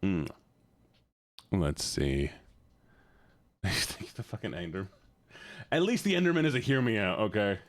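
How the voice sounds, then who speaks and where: A man's voice: lowish voice, wildly swooping pitch, unhurried, long pauses, no room sound. A young man live-streaming, joking with his chat in a casual, profane way.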